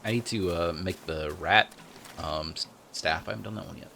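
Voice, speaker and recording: A man's voice: low-pitched, normal speed, creaky, noisy background. A man hosting a let's play, talking casually and rambling as he thinks aloud, sounding tired. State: tired, yawning. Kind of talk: casual gameplay commentary.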